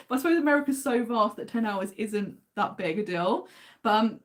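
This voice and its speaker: Brief: English woman, livestream host, chatty and enthusiastic, slightly high voice. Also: sing-song, a little fast. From England. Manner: chatty, enthusiastic, reads out viewer comments. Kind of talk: casual livestream chat.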